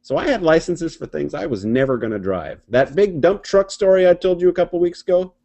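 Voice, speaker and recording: A man's voice: fairly high pitch, fairly quick, gravelly. Laughing man telling barracks stories. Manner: laughing, profane, animated storytelling. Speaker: podcast co-host. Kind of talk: casual storytelling chat.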